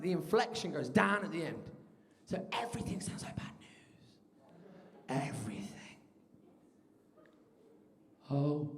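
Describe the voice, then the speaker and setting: A man's voice: high-pitched, a bit bright, in a large hall. A young man from Birmingham doing a crude, rambling stand-up set with lots of crowd work in a student bar. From Birmingham, England. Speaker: stand-up comedian.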